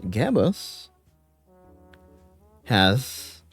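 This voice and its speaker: A man's voice: medium pitch, very animated, extremely slow, vocal fry, breathy edge, faint music behind. A man from the Philippines with a light Filipino accent, chatting playfully and rambling on a live stream from home. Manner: playful, rambling, reads chat aloud. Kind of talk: casual live-stream chat.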